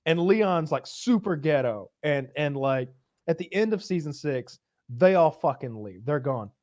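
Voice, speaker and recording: A man's voice: a little high, unhurried, dry recording, studio quality. A man co-hosting a casual podcast, telling stories with lots of swearing and acting out scenes in big voices between laughs. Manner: animated storyteller who acts out scenes loudly, laughing often. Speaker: podcast co-host.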